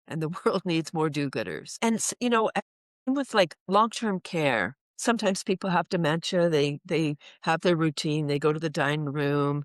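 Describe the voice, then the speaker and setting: A woman's voice: sits low, normal speed, no room sound. A woman who teaches laughter yoga, talking in a casual interview and acting out little voices and laugh sounds as she goes. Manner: animated, acts out voices and laughs.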